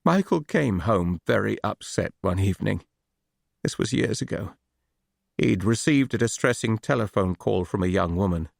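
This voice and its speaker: A man's voice: lowish voice, animated, moderate pace, gravelly, no room sound, studio quality, heavily acted. A man voicing a grieving male dentist who speaks in a shaky, hesitant voice in an audiobook. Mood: shaken.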